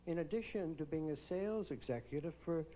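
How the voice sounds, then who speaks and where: A male emcee with a somewhat high but mellow voice works the stage with teasing, quick-witted banter. He asks contestants their final questions live, with a faint hiss of noise behind him. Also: highs cut off. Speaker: pageant host. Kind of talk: joking live pageant emcee.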